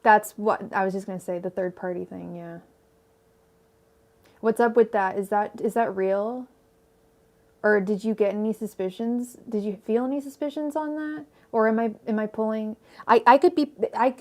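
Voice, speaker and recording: A woman's voice: medium pitch, normal speed, dark tone. A woman with a Californian accent reading tarot on a casual livestream, rambling and chatty with many fillers, restarts and laughs. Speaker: tarot reader. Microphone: own microphone at home.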